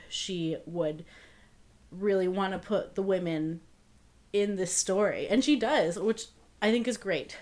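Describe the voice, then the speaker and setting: A young adult woman chatting casually about books at home, with many fillers and small laughs. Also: mid-range voice. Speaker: book vlogger. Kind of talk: casual book review chat.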